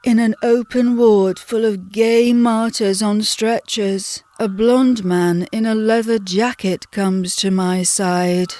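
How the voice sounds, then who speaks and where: A British woman narrating her own memoir as an audiobook, telling it slowly and dramatically. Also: medium pitch, steady tone, a little mellow. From Britain. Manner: slow, dramatic storytelling.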